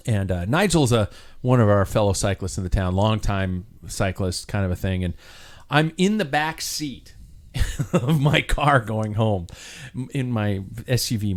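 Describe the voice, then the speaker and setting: A man hosting a casual cycling chat, telling a rambling story with many restarts and fillers. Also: on the low side. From United States.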